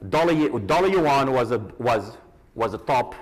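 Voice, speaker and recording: A man giving a live trading seminar to an audience, animated and teasing, calling out to the crowd directly. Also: mid-range voice, normal speed, poor audio. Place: conference hall with a live audience.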